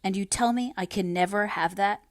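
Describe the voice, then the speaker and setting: A woman voicing an earnest young man in love, speaking quietly and steadily. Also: high voice, moderate pace, dry recording, studio quality, close to an everyday voice. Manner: quiet, earnest, then bitter.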